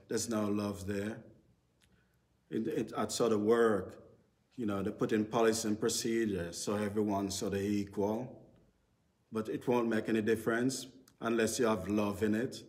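A man giving an informal sermon in a church service, rambling and full of "sort of" and "you know". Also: lowish voice. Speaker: church speaker.

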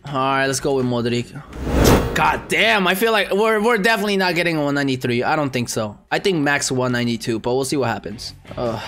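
A young man doing casual gameplay commentary as a gaming YouTuber, excitable and repetitive, swearing freely. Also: mid-range voice, fairly quick, faint music behind.

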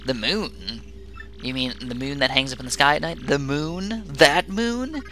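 A man's voice: fairly high pitch, unhurried, bright, forceful tone, pitched above the performer's own voice. A man voicing a captured young princess, earnest and alarmed, asking pleading questions. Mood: anxious.

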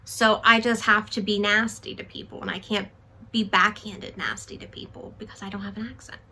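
A woman book vlogger talking through a book haul in a casual, chatty way, excitable and self-deprecating. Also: medium pitch, brisk, slight background noise.

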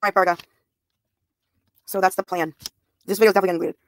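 Speaking very fast in a steady, mid-range voice, a woman in her thirties livestreams and talks bluntly and profanely, responding straight to her viewers' comments.

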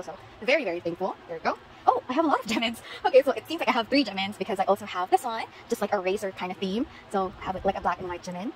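A woman's voice: medium pitch, a little hiss or hum, low-quality recording. A woman showing off her concert haul in a casual vlog, gushing and repeating herself. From Philippines. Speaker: vlogger.

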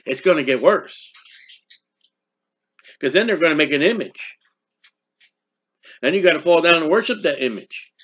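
High-voiced man preaching, lo-fi. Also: pushed and bright. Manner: reads scripture slowly and emphatically, then explains in casual asides. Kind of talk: sermon, Bible teaching. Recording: dull lo-fi recording.

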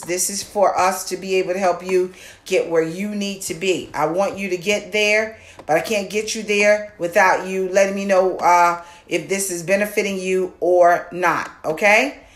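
Slow-talking female voice coach. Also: medium pitch, roomy sound. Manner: repeats words, checks in with "okay?" and "all right?"; sings demo lines and shouts "ha!" exercises. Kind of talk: online voice lesson.

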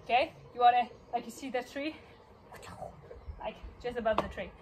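Brief: young woman dance teacher, bright higher voice, counts and scats steps, breathless, faint hiss behind. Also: normal speed, poor audio. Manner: counts beats and scats moves aloud. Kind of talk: dance class instruction. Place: dance studio.

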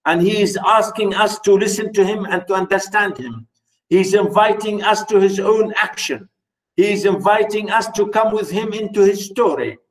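A man teaching a literature class online, reading quotations aloud and questioning his students in an animated way. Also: sits high, moderate pace, rough recording. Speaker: literature lecturer.

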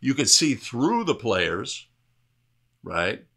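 Here the officiating instructor's mid-range voice is bright and forceful, slow-paced, with big swings in pitch. He breaks down basketball footage plainly, coach-style, restarting now and then, using fillers, and leaning on "right?" to keep his audience with him.

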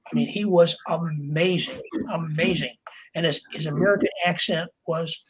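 An older man with a somewhat high, husky voice spins long behind-the-scenes stories as a podcast guest. He rambles through fillers and restarts, and he slips into quick voices for the people he quotes. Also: steady tone, low-quality recording. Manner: rambling, with many fillers and acted quotes of others. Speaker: author and interview guest. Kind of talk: anecdotal storytelling in a podcast interview.

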